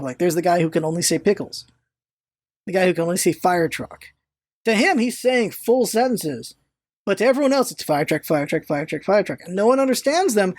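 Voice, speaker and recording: A vlogger telling a long personal story in casual, rambling chat, animated, swearing now and then and stumbling over words when excited. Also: mid-range voice, no room sound. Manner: animated storyteller, swears, retells own thoughts aloud; restarts and stammers when excited.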